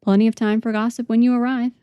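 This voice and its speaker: Curt male rocket captain, businesslike, mellow voice, dry sound, voiced by a woman. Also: on the high side, flat delivery, fast, clean tone, no echo, dull audio, natural voice.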